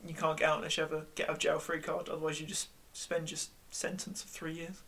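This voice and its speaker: A man's voice: a little high, monotone, fast, vocal fry, a bit bright. Chatty man with a lightly raised voice. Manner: chatty, rambling with restarts and fillers. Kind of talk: casual chat.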